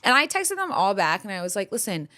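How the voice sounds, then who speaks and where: A woman's voice: mid-range voice, sing-song, fast talker, bright, forceful tone. A woman in her thirties hosting a podcast, telling a story in a candid, rambling way with lots of fillers and laughs along the way. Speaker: podcast host. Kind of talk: casual storytelling chat.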